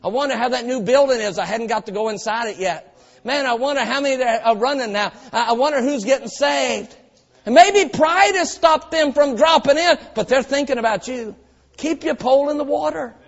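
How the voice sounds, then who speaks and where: A man preaching a sermon as pastor, telling stories and swinging from quiet asides to loud shouted lines. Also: very high-pitched, brisk, gravelly. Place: church auditorium. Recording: dull sound with long hall reverb.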